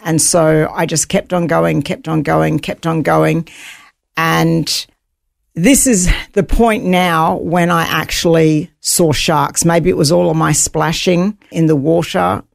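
A woman telling a guest story in a heavily gravelly, creaky voice, sounding dry and close to the mic. She talks in an animated way and retells each moment vividly. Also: low-pitched, slow, no echo. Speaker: guest, author. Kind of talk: interview storytelling.

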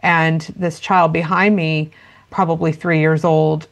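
A woman's voice: low-pitched, level tone, unhurried. A woman, a guest sharing parenting stories in casual, earnest chat. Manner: earnest, storytelling, acts out quotes.

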